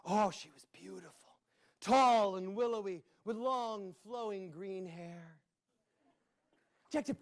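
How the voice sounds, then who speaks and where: This male storyteller has a high voice and a measured pace. He's telling children a playful story live at a public library, adding sound effects and asides along the way.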